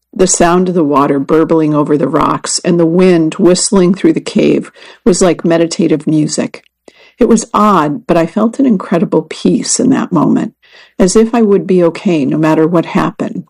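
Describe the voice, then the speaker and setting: Woman reading aloud with vocal fry. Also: on the low side, low-quality recording. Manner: even, measured reading. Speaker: reader. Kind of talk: scripted narration of a magazine story.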